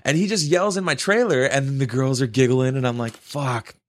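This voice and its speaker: A man's voice: mid-range voice, expressive, quick pace, dry recording. A man telling a long, profane story in a rambling casual way, often tagging "right?" onto his sentences. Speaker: podcast co-host telling a story.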